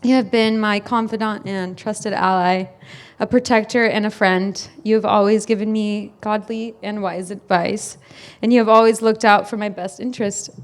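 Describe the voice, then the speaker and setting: A woman's voice: mid-range voice, steady tone, normal speed. A young woman, the groom's sister, giving a wedding toast at a reception, laughing often and fighting back tears. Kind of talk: wedding speech.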